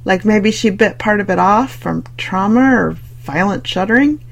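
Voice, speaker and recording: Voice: mid-range voice, normal speed, vocal fry. The audiobook reader voicing a curious young woman friend who asks eager, slightly spooked questions.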